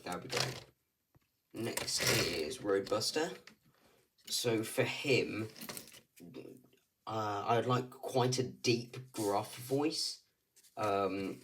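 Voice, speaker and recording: Man hosting a casting call, low-pitched and unhurried, halting delivery, a little off-mic. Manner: hesitant, loose, full of ums and likes. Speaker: stop-motion creator running a casting call. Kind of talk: casual talk to camera. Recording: voice slightly distant from the mic.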